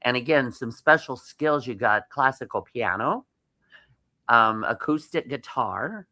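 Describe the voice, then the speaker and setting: A man co-hosting an interview show in a restaurant, eager and prompting the guest with quick questions. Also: medium pitch, animated, bright, forceful tone, dry recording. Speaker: co-host. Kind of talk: casual interview chat.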